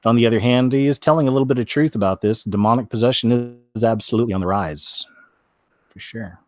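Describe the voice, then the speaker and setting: A man hosting a show, reading news stories aloud, stumbling over words, clearing his throat and adding wry comments of his own. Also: mid-range voice, fast talker, darkish tone. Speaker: host.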